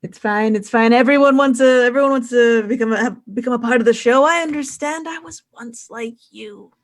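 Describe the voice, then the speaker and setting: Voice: medium pitch, a little fast, pitched above the performer's own voice, natural voice. A woman voicing a battered male ringmaster who talks in a resigned, placating way. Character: battered showman ringmaster man.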